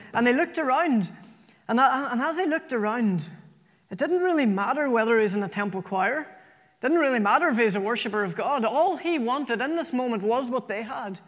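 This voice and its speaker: A preacher delivering an earnest sermon, often repeating phrases for emphasis. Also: medium pitch. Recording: long reverb from a hall.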